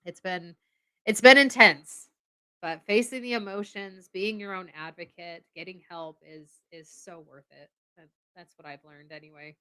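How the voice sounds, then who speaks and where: Woman, guest, earnest, halting, smooth resonant voice, lowish. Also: pushed and bright, dry recording. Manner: earnest, halting, with repeated fillers. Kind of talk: casual live-stream talk.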